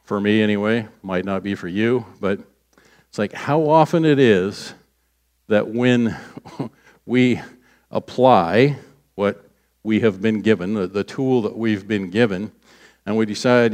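A man's voice: on the low side, unhurried, a little mellow. A man delivering a sermon in a conversational way, acting out scripture quotes. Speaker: pastor.

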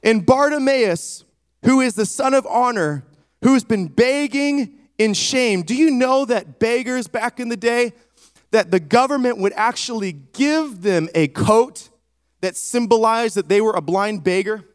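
A male preacher with a high voice delivers an emphatic sermon, dramatically retelling a scripture story. He calls on the congregation to respond. The sound is dry and close. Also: measured pace, clean tone, no echo.

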